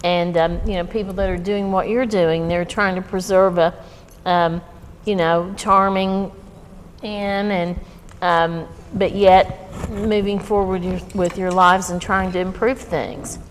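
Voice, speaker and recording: A middle-aged woman speaks as a dinner guest, earnest and reflective, often pausing on "um" and "you know". The room is reverberant, with faint noise behind her. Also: fairly low pitch, steady tone. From West Virginia. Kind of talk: casual chat over a dinner table.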